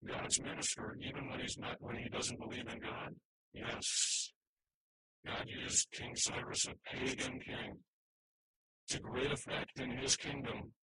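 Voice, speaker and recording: A male pastor preaching in an earnest, emphatic way, pressing his points and restarting phrases as he thinks aloud. His voice is bright and forceful, with a faint hiss of noise behind it. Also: medium pitch, flat delivery, measured pace, poor audio. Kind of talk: sermon.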